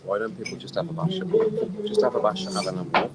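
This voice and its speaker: This man's pitch is fairly low and his pace quick as he rants, tipsy and exasperated, on a casual live stream. He's at an outdoor poolside bar with heavy background noise and music playing clearly behind him. The delivery is animated throughout.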